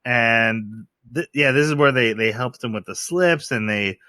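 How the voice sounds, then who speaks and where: Bright, dry-sounding male podcast co-host. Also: medium pitch, measured pace, dry recording. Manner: animated, retells scenes with quoted voices and laughs. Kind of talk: casual chat.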